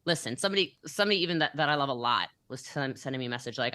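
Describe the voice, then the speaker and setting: A woman's voice: a bass voice, animated, rapid-fire, hardly any pauses, pushed and bright, no echo. A young adult woman talking as a business coach in a motivational podcast interview, emphatic and acting out the conversations she quotes.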